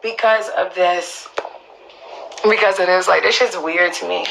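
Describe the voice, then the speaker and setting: A woman's voice: lowish voice, fairly even intonation, measured pace, vocal fry, fairly bright tone, slight background noise, poor audio. A woman on a live stream, talking emotionally and emphatically, swearing and repeating herself for stress, often asking listeners if they understand. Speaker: livestreamer speaking up for her mother.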